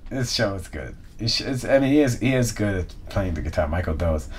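A man co-hosting a podcast, chatting casually and often mimicking people in high silly voices. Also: animated, fast talker, slight background noise. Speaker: podcast co-host. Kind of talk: casual chat.

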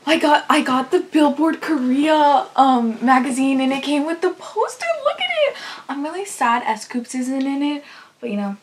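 In this excited reaction video, a young YouTube host with a high-pitched voice speaks at a moderate pace, squealing and gushing in breathless fangirl mode. The poor recording carries slight background noise and faint music underneath.

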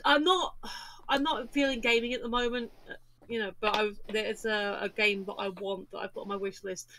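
A woman's voice: mid-range voice, fairly even intonation, moderate pace, fairly bright tone, rough recording. A woman co-hosting a casual podcast, laughing often and agreeing briefly. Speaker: podcast co-host.

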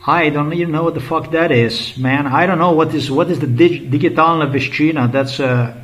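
A man's voice: on the high side, steady tone, fairly quick, a bit bright. A man in his fifties translating an interview clip while ranting, profane, mocking and repetitive. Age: 50s. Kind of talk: angry sarcastic rant. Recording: echoey room.

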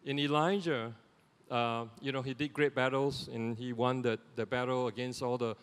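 A middle-aged man with a Singaporean English accent, giving a lay sermon in a conversational, animated way with lots of "you know" asides. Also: mid-range voice, normal speed, clean tone. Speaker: lay preacher. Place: church sanctuary. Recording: long church reverb.

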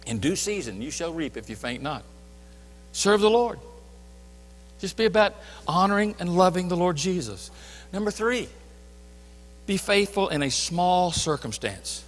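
A man preaching a sermon as pastor, emphatic, swinging between loud declarations and hushed asides. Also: high voice, big pitch swings, a little slow, long pauses, in a large hall, soft background music. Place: church sanctuary.

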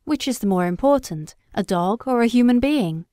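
A woman voicing an earnest young Victorian gentleman scientist, speaking low and quietly as he pleads. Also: animated, normal speed, no echo, clean studio sound, natural voice. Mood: earnest pleading.

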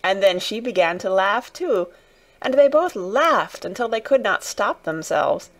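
A woman narrating a children's audiobook in a gentle, even storytelling manner. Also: medium pitch, unhurried.

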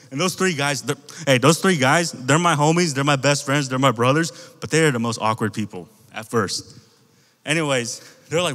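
Youth pastor, American man, mid-pitched, chatty storyteller talking straight to the kids, long hall reverb. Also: brisk. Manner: conversational, animated storytelling, addresses the youth group directly. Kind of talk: casual youth sermon with storytelling.

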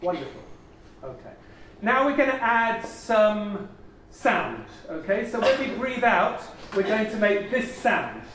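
High-voiced man in an echoey hall. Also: measured pace, slight background noise. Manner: energetic, coaxing, theatrical, laughs often. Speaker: plenary speaker leading a voice warm-up. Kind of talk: leading a group vocal exercise at a conference. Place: large conference hall. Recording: very echoey hall, mic far off.

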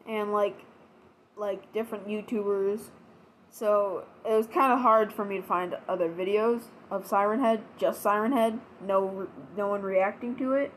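A woman's voice: mid-range voice, slight background noise. A woman hosting a reaction video at home, rambling casually with lots of fillers. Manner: rambling, filler-heavy talk.

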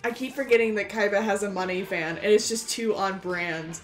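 A woman's voice: medium pitch, moderate pace, soft background music. A woman streaming a video game live, chatting casually, reading chat aloud, laughing and swearing.

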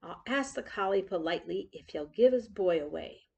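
A woman's voice: mid-range voice, animated, moderate pace, vocal fry, slightly rough. A woman voicing an eager, polite little male puppy in a storybook read-aloud, hopeful and a bit wistful.

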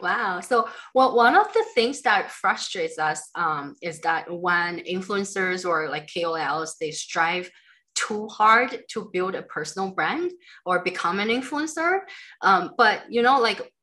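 A woman's voice: lowish voice, animated, a little slow, sharp tone. A woman hosting a livestream interview, framing her questions hesitantly with many fillers. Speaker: interviewer, host.

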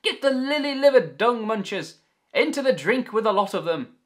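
A man's voice: fairly high pitch, sing-song, measured pace, sharp tone, full character voice. A man voicing a bold old sea captain as he reads out his log, in a jolly, theatrical storybook style. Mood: roaring. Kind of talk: storybook reading.

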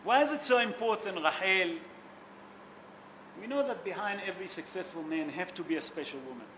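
A man's voice: high voice, animated, a little fast, noisy background. A man speaking as a rabbi in a sermon, telling stories emotionally and asking his listeners questions, in non-native English with simple grammar. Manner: emotional storytelling, asks the audience questions.

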